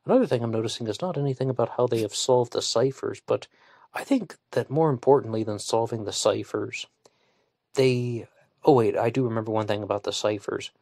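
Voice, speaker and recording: Man, podcast host, casual solo commentary, blunt, scornful, swears, lots of fillers, mid pitch, dry close mic. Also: brisk, vocal fry, a little mellow, dry recording.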